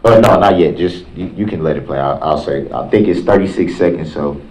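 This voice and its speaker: A man questioning a witness in a courtroom, with halting, repetitive phrasing and frequent restarts. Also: low-pitched, darkish tone. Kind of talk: courtroom cross-examination. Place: large courtroom. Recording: echoey courtroom, dull lo-fi sound.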